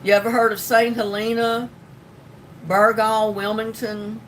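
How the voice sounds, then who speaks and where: A woman's voice: little pitch movement, a little slow. An older woman with a North Carolina Southern drawl, chatting casually and rambling on her livestream as she answers viewers. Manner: rambling, folksy, with frequent ums and laughs. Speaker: livestream host. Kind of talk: casual livestream chat reading comments. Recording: distant mic with faint rumble.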